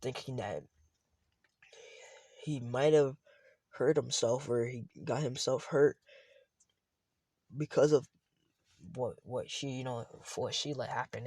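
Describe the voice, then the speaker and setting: A man's voice: mid-range voice, darkish tone, dry recording. A man casually retelling a fan story, rambling and often correcting himself.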